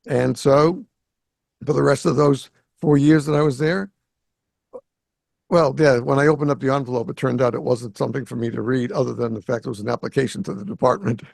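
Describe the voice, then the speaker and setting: A man's voice: medium pitch, fairly quick, vocal fry, no echo. A man from the Greater Boston area hosting a podcast, telling a story and acting out the quoted dialogue. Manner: animated storyteller who acts out quoted dialogue. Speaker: podcast host. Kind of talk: casual storytelling conversation. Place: home in South Florida.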